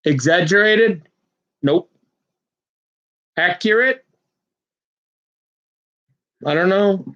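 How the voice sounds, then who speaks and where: Rambling man with a higher voice. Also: drawn-out words, a bit bright, dull audio. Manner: rambling, repeats words and restarts often; earnest and agitated, jumps between topics. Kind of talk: rambling personal monologue.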